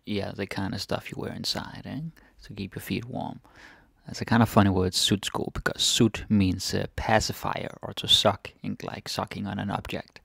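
A man teaching a casual Danish vocabulary lesson. He repeats each word slowly and drops to murmured asides. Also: on the low side, little pitch movement, vocal fry, a bit bright, breathy edge, dry recording, studio quality.

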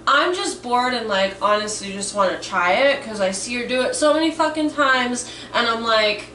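A woman's voice: fairly high pitch, lively intonation, normal speed, few pauses, sharp tone, slight background noise. A woman around thirty vlogging casually at home, nervous, swearing freely and saying "like" a lot. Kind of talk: casual chatty vlog. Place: home kitchen. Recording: echoey room, mic some distance off.

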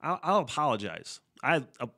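A man's voice: mid-range voice, very animated, moderate pace, bright, forceful tone. A man hosting a casual solo podcast, rambling and swearing freely, often laughing mid-sentence. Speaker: podcast host.

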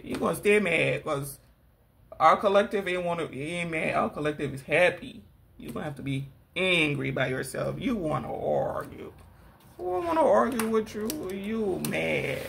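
A woman's voice: lowish voice, animated, moderate pace, vocal fry, a bit bright, slight background noise. A woman doing a spiritual tarot reading, scolding and sassy, calling people girl and laughing between lines. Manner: addresses the viewer as girl. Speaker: tarot reader.

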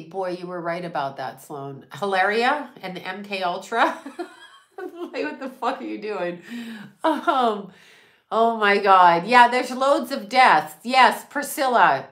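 Blunt, bright-voiced woman psychic. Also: mid-range voice, roomy sound. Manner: blunt, profane, rambling, laughs often. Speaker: psychic medium. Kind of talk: casual channeling monologue.

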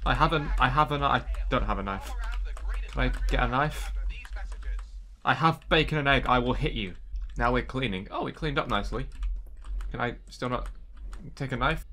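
A man giving joking, excitable commentary while playing a game, often breaking into startled yelps. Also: mid-range voice, moderate pace, long pauses. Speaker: gameplay streamer. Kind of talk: casual let's-play commentary.

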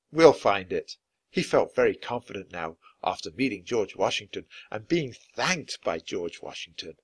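A man reading a children's chapter book aloud, narrating clearly and expressively. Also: fairly low pitch, fairly bright tone. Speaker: storybook reader.

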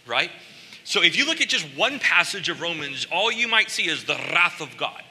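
Male pastor, slightly high voice, casual preaching that swells to emphatic points, echoing church auditorium. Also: sing-song, pushed and bright. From United States. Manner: conversational preaching, stretches key words slowly, rises to emphatic peaks. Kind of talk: sermon. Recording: church hall with long reverb.

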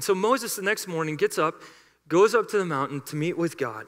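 Bright-voiced pastor preaching in a hall. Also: male voice, on the high side, lively intonation, normal speed. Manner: storytelling, emphatic, conversational. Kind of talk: sermon. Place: church sanctuary. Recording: reverberant church hall.

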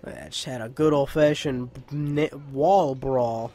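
A man's voice: medium pitch, slow pace, mellow. A young man giving casual, rambling, joking gameplay commentary into a home mic. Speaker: let's play host. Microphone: home mic with pop filter.

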